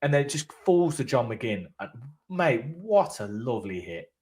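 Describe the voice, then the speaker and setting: A man's voice: medium pitch, sing-song, moderate pace, a little mellow. A man co-hosting a casual fan chat, telling rambling anecdotes in a chatty way. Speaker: fan channel co-host. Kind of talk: casual match-reaction chat.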